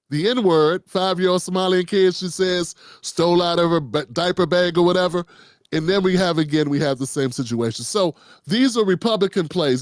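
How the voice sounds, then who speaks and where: A man's voice: high voice, no room sound, clean studio sound. A man hosting a political commentary show, talking off the cuff in a blunt, profane, rambling way with lots of restarts.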